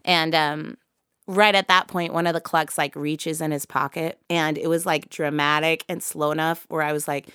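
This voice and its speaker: A woman tells a story in a casual conversation, swearing freely and talking with animated energy. Her voice sits a little low and comes across smooth and clear. The sound is dry and close. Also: moderate pace, no echo. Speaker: touring musician, guest.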